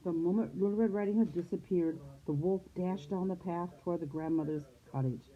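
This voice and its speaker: A preschool teacher reads a storybook aloud to young children, telling it expressively and switching into character voices. Her voice is lowish and a little fast, and the recording has a lo-fi, phone-like quality.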